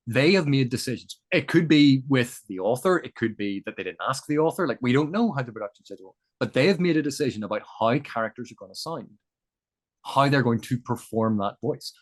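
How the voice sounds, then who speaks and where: A man who is the guest of an interview, talking in a thoughtful, lecturing way and building each point with examples. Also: mid-range voice. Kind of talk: explanatory interview chat.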